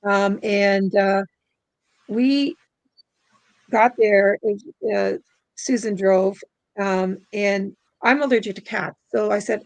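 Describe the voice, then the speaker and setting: A middle-aged woman from Canada, a guest telling a spirit story in casual interview chat, halting and rambling with many fillers and restarts. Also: medium pitch, fairly even intonation, creaky, darkish tone, no echo, poor audio. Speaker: guest spirit releasement practitioner.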